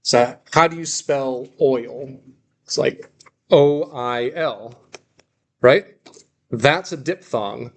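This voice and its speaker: Slow, patient male Greek teacher. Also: medium pitch, a little mellow. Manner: slow, patient explaining with repeated words. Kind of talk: classroom lesson.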